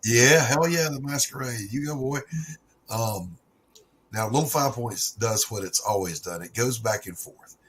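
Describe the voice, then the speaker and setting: A man's voice: medium pitch, measured pace, fairly bright tone, slight background noise, poor audio. A middle-aged man hosting a casual stream chat, telling stories loosely and swearing freely. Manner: laid-back storyteller, swearing freely. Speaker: stream host.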